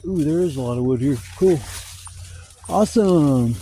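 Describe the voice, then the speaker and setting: A man's voice: fairly high pitch, normal speed, long pauses, warm tone, a little hiss or hum. A man vlogging while camping in the woods, talking casually and swearing a lot as he gathers wood. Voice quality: profane, rambling, Southern-style speech. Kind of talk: casual outdoor vlog. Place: outdoors in woods. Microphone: camera mic, handheld gimbal.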